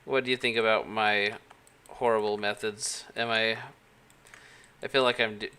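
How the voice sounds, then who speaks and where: A woman's voice: extremely low pitch, fairly even intonation, moderate pace, sharp tone, clean tone. A woman streamer chatting casually while she works, thinking aloud and judging her own work. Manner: thinks aloud, self-critical. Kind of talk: casual live-stream chat.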